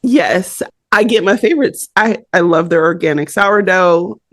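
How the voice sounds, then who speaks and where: A woman co-hosting a podcast, telling a story in a lively, animated way and laughing often. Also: lowish voice, unhurried, no echo, clean studio sound. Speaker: podcast co-host. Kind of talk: casual chat.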